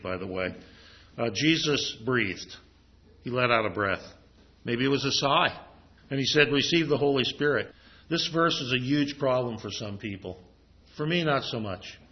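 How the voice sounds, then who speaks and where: A man preaching a sermon in a conversational way, reading scripture aloud as he goes. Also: medium pitch. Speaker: pastor. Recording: muffled lo-fi recording.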